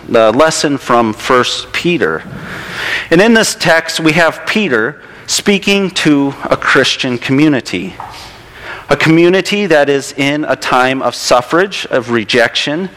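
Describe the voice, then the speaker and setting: Relaxed conversational male pastor. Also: mid-range voice, low-quality recording. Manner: relaxed, self-deprecating, conversational. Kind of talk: sermon.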